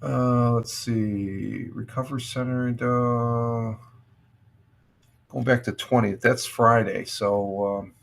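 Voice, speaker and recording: A man's voice: mid-range voice, fairly even intonation, takes it slowly, vocal fry. A middle-aged American man hosting a casual morning livestream, rambling with many fillers and restarts. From United States. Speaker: livestream host. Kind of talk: casual morning chat reacting to news.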